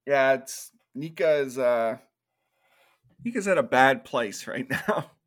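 A man's voice: mid-range voice, animated, takes it slowly, a bit bright. A young man co-hosting a casual movie review podcast, recapping scenes in a rambling way with lots of fillers and swearing. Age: young adult. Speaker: podcast co-host.

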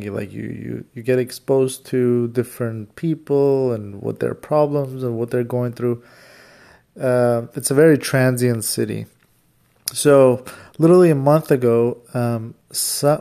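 A man's voice: medium pitch, mellow. A man hosting his own podcast, telling a personal story in a rambling, loosely chained way full of asides. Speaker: podcast host, rideshare driver. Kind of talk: casual storytelling monologue.

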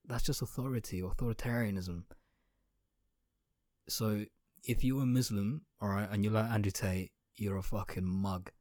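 A man's voice: lowish voice, darkish tone, no room sound, studio quality. A young man, ranting sarcastically on his podcast from his room, swearing freely and trailing off into mumbled asides. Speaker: podcast host. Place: home room.

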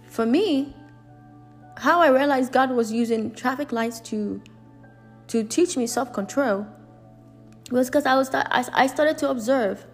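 A woman's voice: a little high, normal speed, soft background music. A woman preaching a sermon in an earnest, emphatic way, repeating and restarting her phrases.

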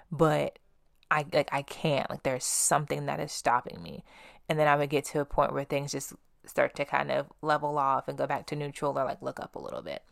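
A woman's voice: low-pitched, steady tone, a little fast, vocal fry, no echo, clean studio sound. A woman in her twenties hosting a podcast, talking candidly and bluntly about her own life, swearing freely and leaning on fillers. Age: 20s. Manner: blunt and profane, filler-heavy, venting. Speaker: podcast host. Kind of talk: candid personal monologue.

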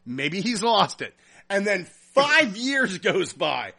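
A man hosting a casual podcast, reading listener comments and telling a story in a profane, animated way. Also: high voice, takes it slowly, gravelly. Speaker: podcast host.

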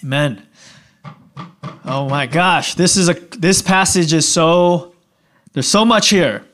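A man's voice: a little high, slow pace. A man preaching a casual, conversational sermon, talking informally and asking his listeners questions. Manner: informal, animated, asks the audience questions.

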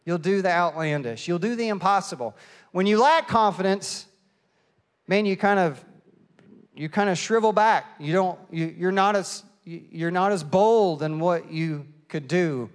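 A middle-aged man preaching a sermon and telling a lively, self-mocking story, acting out the people in it. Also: high-pitched, unhurried. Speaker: pastor. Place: church auditorium. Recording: long hall reverb.

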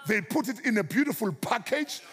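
A South African man preaching a sermon as pastor, swinging his pitch and stretching out key words for emphasis. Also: lively intonation, fairly quick, a bit bright, slightly rough, long reverb tail, soft background music.

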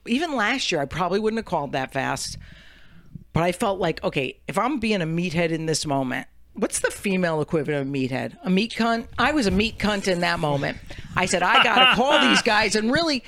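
A woman co-hosting a casual podcast, telling stories in an animated, profane way that jumps into high excited tones. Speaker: podcast co-host.

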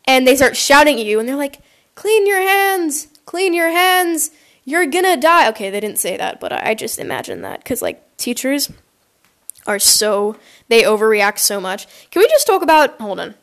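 A woman's voice: fairly high pitch, big pitch swings, moderate pace. A woman podcast host chatting casually and reacting to listener confessions, rambling and acting out quotes in silly voices, on a poor quality mic.

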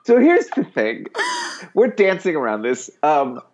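A man's voice: a little high, huge pitch swings, unhurried, highs cut off, noisy background. A man telling a personal story in a casual, rambling way, full of fillers and acted-out dialogue. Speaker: guest author.

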